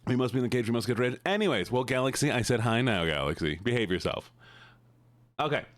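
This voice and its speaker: A man's voice: medium pitch, expressive, fast talker, dry recording, clean studio sound. A man streaming live and chatting casually with his chat, playful, with mumbled hums between lines.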